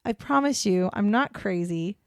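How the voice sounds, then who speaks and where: A woman's voice: mid-range voice, lively intonation, normal speed, no echo, studio quality. A woman co-hosting a casual true-crime podcast, rambling and self-deprecating, breaking into giggles as she talks. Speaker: podcast co-host.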